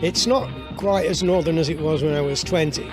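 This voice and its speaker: A man with a northern English accent, a former pirate radio DJ, chatting warmly about his radio days and laughing often. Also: fairly high pitch, a little fast, music in the background. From northern England. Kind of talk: reminiscing interview.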